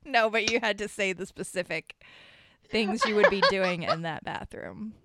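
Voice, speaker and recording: A woman's voice: medium pitch, normal speed, fairly bright tone. A woman co-hosting a podcast in casual chat, easygoing and chatty, laughing easily. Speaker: podcast co-host.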